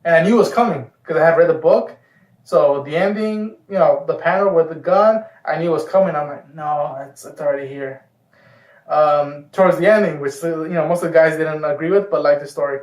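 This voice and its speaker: A fairly high-voiced man chats his way through a film review, eager and rambling, sometimes swearing. He sits some way back from the mic in an echoey room. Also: fairly quick, recorded from a distance. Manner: enthusiastic, rambling, casual swearing. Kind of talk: casual film review chat.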